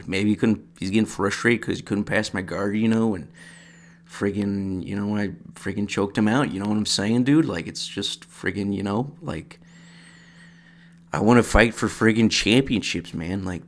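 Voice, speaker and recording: A man's voice: fairly low pitch, close to an everyday voice. A man loosely impersonating a plainspoken male grappler, attempting a twang with mild swearing.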